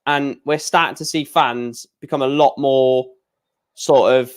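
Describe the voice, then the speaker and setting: A man's voice: medium pitch, steady tone, a little slow, smooth. A young man chatting casually on a live stream, rambling with stammered restarts and blunt opinions.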